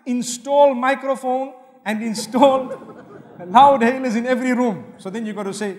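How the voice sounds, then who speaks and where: A male Islamic preacher giving a sermon lecture, earnest and humorous, swinging between loud emphasis and soft asides. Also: very high-pitched, normal speed. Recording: long hall reverb.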